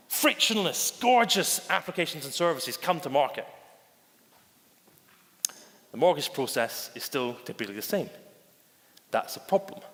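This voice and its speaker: A man giving a conference keynote as a bank digital chief, theatrical and storytelling, calling out to the audience and acting out quoted voices. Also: a little high. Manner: theatrical, addresses audience as ladies and gentlemen; acts out anecdotes with quoted voices. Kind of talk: keynote presentation. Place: conference stage. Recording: reverberant conference hall.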